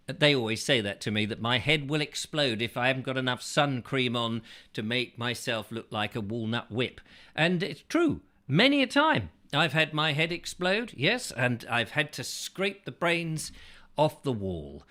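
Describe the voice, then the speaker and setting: A man hosts a chat show in a rambling, whimsical monologue. His pitch leaps about animatedly, and his tone stays bright and forceful. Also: very animated, a little slow. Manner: whimsical, absurd asides, silly noises.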